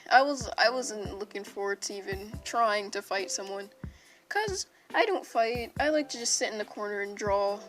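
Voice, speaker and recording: Young woman, storytime vlogger, unscripted and rambling, slightly high pitch, music bed underneath. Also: a bit bright. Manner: rambling, self-interrupting, casual slang. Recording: music playing behind.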